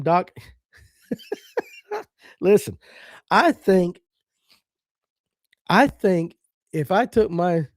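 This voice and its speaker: A middle-aged man from the American South talks bluntly and casually on a fishing podcast, sharing strong opinions and reading viewer comments aloud. His voice sits a bit high for a man but sounds warm and mellow. The room is dry and close, with no echo. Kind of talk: casual live-stream chat.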